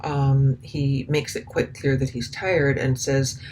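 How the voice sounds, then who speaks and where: Slow and flat, this mid-range voice has a darkish tone and comes through poor audio with slight background noise. The speaker gives spoken commentary over a recording, hesitating, saying um a lot and restarting often, while tossing in indignant, sarcastic remarks.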